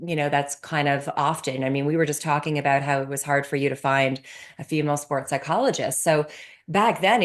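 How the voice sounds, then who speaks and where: A middle-aged woman from Canada answers interview questions with the energy of a storyteller. Her voice sits low, and she breaks into laughter as she talks. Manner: animated storyteller, laughs often. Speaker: guest, sports psychologist.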